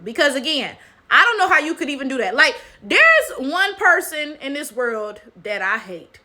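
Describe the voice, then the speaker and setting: Bright high-voiced woman, emphatic commentary. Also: sing-song, moderate pace. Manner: emphatic, repeats "right?" as tag question. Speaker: commentary channel host. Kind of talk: casual commentary monologue.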